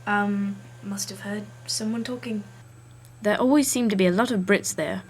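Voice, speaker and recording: A woman's voice: medium pitch, normal speed, a little hiss or hum. A woman vlogger chatting in a put-on English accent, snarky and hesitant, with lots of ums and uhs. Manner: snarky, hesitant with many fillers. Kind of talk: casual monologue.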